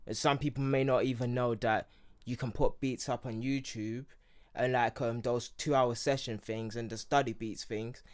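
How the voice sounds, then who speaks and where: A man's voice: medium pitch, fairly even intonation, normal speed. A young man with an English accent, of Nigerian heritage, chatting casually as a podcast co-host and rambling with many fillers. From Nigeria (Yoruba heritage). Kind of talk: casual chat.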